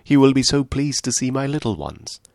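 A man voicing an eager, affectionate young mother who chats warmly. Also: mid-range voice, very animated, brisk, creaky, no echo, studio quality, voice pushed up.

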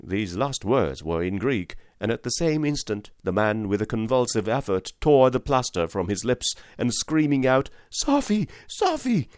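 Dramatic low-voiced male narrator. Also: lively intonation, a little mellow, no echo, clean studio sound. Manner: measured, dramatic storytelling. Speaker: audiobook narrator. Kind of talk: scripted narration.

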